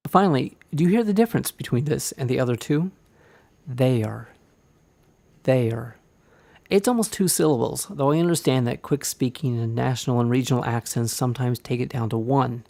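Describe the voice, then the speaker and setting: A man from Indiana narrating a scripted writing lesson, explaining clearly and deliberately with examples. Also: medium pitch, warm tone, no echo. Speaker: writing instructor.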